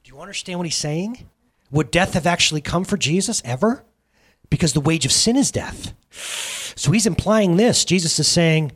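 A man preaching animatedly, pausing a book reading to address his listeners directly. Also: on the high side, expressive, fairly bright tone, slightly rough.

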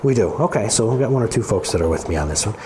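A man preaching a sermon in an animated, conversational way, talking straight to his congregation. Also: fairly low pitch, rapid-fire, slight background noise. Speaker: pastor.

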